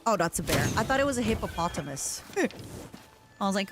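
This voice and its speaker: Playful, lively young woman streamer. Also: medium pitch, moderate pace, music in the background. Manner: playful, rambling, talks to chat. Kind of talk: casual live-stream gaming chatter.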